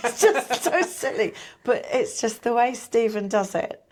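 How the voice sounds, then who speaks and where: A middle-aged woman and pantomime performer chatting in an interview, telling lively stories and acting out what people said. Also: on the high side, a little slow. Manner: chatty, animated storyteller who acts out quotes. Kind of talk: casual interview chat.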